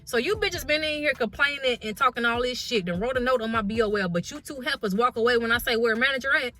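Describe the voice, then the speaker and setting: Bright, forceful woman telling a story. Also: fairly high pitch, fast, faint music behind. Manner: blunt, profane, animated storytelling. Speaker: truck driver and vlogger. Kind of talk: casual storytime.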